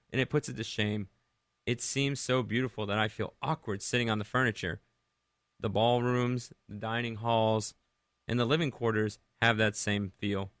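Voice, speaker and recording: A man's voice: mid-range voice, a bit bright, dry recording, studio quality. A man from Rhode Island hosting a Christian radio show, talking conversationally, asking listeners many questions and leading a prayer. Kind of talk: devotional radio talk and prayer.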